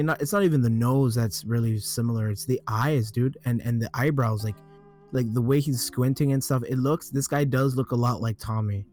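Guy on a gaming podcast, lots of restarts, thinking out loud, faint music. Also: mid-range voice. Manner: halting, restarts, thinks aloud. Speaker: podcast co-host. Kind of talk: casual gaming chat.

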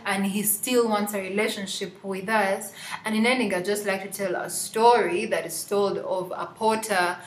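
A woman's voice: medium pitch, steady tone, normal speed, reverberant. A woman hosting a Christian podcast, talking reflectively with many fillers. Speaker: podcast host.

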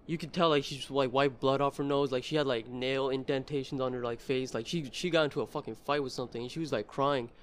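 A man telling a story in a casual podcast chat, animated and profane. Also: mid-range voice, quick pace, few pauses, a little hiss or hum.

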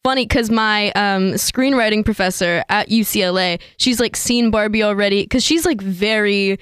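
A woman in her twenties, a film student guest on a podcast, talking in quick, giggly casual chat. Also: mid-range voice, a bit bright, smooth, dry recording, clean studio sound. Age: 20s. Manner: quick and giggly, many fillers.

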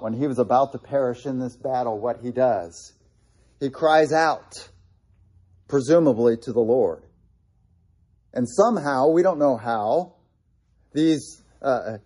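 Mellow-voiced man preaching a sermon. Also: mid-range voice, slightly rough. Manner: earnest preaching with asides and restarts. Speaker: pastor.

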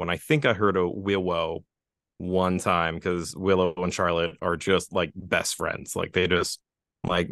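A young man with a low voice talks casually as a podcast guest. He rambles and fills his sentences with "like". The recording is dry and close-miked. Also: creaky, fairly bright tone, no room sound. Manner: rambling, heavy use of "like". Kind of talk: casual chat.

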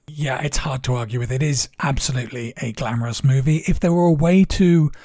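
A man's voice: medium pitch, fairly quick, a little mellow, no room sound, studio quality. A man co-hosting a casual podcast, earnest and reflective, with frequent fillers. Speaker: podcast co-host.

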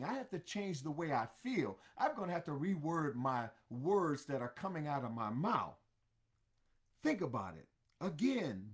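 A man preaching a sermon, drawing out each scripture phrase and then repeating it in plain words. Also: fairly high pitch.

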